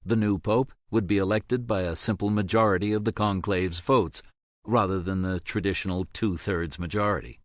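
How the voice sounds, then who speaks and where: A man narrating an audiobook in a steady, measured way. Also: sits low, no room sound, clean studio sound.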